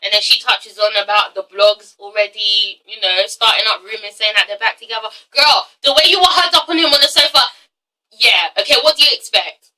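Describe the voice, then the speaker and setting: A woman's voice: a little high, fairly quick, pushed and bright, distant mic, low-quality recording. A young woman with an English accent giving a blunt, sassy review, swearing freely and tagging "okay?" onto her points. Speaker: vlogger reviewing a reality show. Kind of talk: casual sassy commentary.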